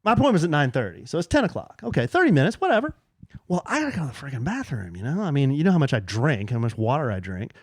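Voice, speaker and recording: A middle-aged man co-hosting a podcast, telling a story in casual chat and jumping up high whenever he quotes someone. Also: racing, no echo, clean studio sound. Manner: animated, jumps high when quoting people. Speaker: podcast co-host.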